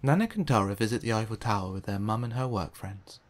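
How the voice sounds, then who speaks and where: A man's voice: lowish voice, expressive, fast. Man reading a picture book aloud. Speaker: storytime reader.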